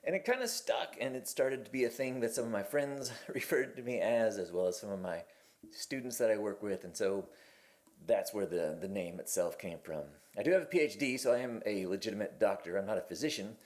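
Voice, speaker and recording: A man in his forties speaks in a fairly low voice, easygoing and candid, stumbling over a word now and then. He hosts his own channel and talks straight to camera from his kitchen table. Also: animated, brisk, darkish tone. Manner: conversational and candid, with restarts. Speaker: host. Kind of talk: casual to-camera talk.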